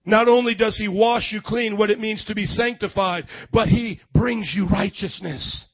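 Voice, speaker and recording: A man preaching a lively sermon in a church, shifting between loud shouts and quiet passages. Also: high voice, moderate pace, dry recording, highs cut off. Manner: energetic, swings from shouting to hushed. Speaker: pastor.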